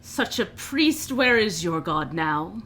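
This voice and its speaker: A woman voicing a scornful imprisoned male orc who mocks slowly. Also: on the low side, sing-song, fairly bright tone, a little hiss or hum, full character voice. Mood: mocking. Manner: mocking, slow, sneering.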